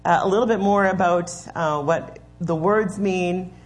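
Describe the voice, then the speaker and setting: A woman's voice: on the low side, a little slow, faint music behind. A woman leading a children's sermon in a church, patiently explaining and giving step-by-step instructions. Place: church sanctuary.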